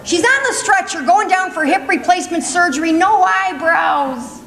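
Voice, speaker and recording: A woman in her fifties tells funny stories on stage in a chatty, laughing manner. Her voice is high and carries a long reverb through a big conference hall. A faint ambience hums underneath. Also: expressive, a little fast, a bit bright, slight background noise. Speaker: motivational humor speaker. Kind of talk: comedic storytelling talk.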